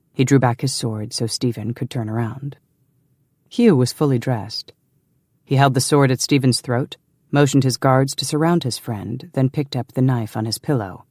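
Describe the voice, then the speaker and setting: A man reads a historical romance audiobook from a script, telling the story in a measured, even way. His mid-range voice is recorded at studio quality with no room sound.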